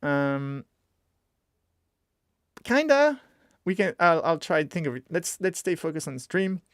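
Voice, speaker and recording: A man hosting a casual live coding stream, talking excitably and thinking aloud with frequent restarts. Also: a little high, normal speed, no room sound, clean studio sound. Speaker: streamer teaching web development.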